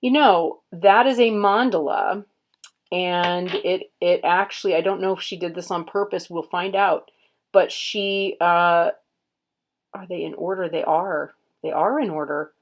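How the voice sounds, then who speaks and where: A woman unboxing a card deck, murmuring card names in a soft, unhurried way and admiring the artwork. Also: fairly low pitch, fairly even intonation. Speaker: tarot reader and channel host. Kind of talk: casual unboxing commentary.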